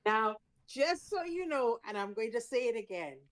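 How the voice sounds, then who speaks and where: A woman co-hosting a casual recap podcast, reacting in an emphatic, expressive way. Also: a little high, moderate pace, low-quality recording. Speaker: podcast co-host.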